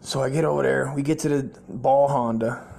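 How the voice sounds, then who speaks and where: A former sailor hosting a comedy podcast, telling a long story in a rambling, heavily profane way and acting out the people in it. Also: male voice, medium pitch, moderate pace, creaky, slight background noise. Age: adult, former sailor. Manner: profane, rambling, animated quoted voices.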